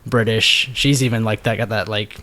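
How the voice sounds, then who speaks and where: Male podcast host, casual, rambling delivery, somewhat low voice. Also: fairly even intonation, moderate pace, bright, forceful tone. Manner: rambling, lots of fillers and restarts. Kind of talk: casual chat.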